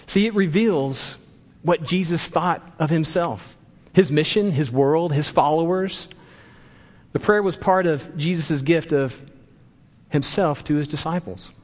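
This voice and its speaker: In a church, a slightly high-voiced man preaches at a somewhat slow pace. This pastor weaves a story into his sermon, acting out each quoted voice, and the recording carries a long reverberant hall sound.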